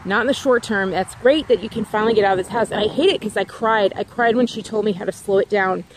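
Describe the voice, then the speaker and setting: A woman's voice: medium pitch, fast, a little hiss or hum. A woman vlogger in a casual, rambling chat, talking outdoors near her home and repeating herself with lots of "like"s.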